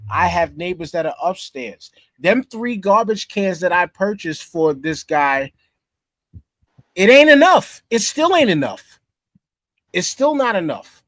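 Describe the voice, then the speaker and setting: Emphatic high-voiced podcast host. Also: male voice, sing-song, unhurried, a bit bright, no echo. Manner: emphatic, repeats himself, curses freely. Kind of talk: casual chat.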